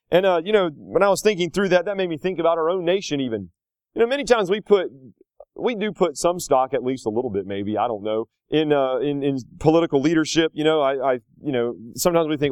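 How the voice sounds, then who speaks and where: A man's voice: fairly high pitch, animated, fairly quick, a little mellow, no echo, studio quality. A man preaching a sermon as a pastor, in a folksy storytelling way with acted asides.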